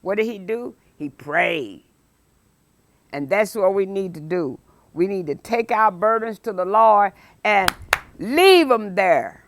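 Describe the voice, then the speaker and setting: Slow, emphatic woman preaching. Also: medium pitch. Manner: emphatic, rises to shouted exclamations; slow, deliberate phrasing. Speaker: Sunday school teacher. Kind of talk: preaching a Bible lesson.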